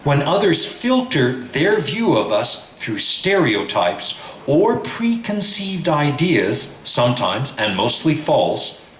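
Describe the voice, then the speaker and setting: A man, a professor, reading a text aloud in a lecture in a slow, measured, deliberate way. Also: medium pitch, a bit bright, reverberant, a little hiss or hum.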